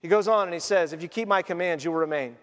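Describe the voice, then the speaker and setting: High-voiced preaching man in echoing hall. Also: fast. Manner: earnest, conversational preaching with quoted asides. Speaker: pastor. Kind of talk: sermon.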